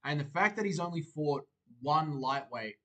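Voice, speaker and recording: A young man hosting a livestream, reading viewers' comments aloud and answering them in a relaxed, chatty way. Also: a little high, moderate pace. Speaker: livestream host. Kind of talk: casual chat reacting to live chat.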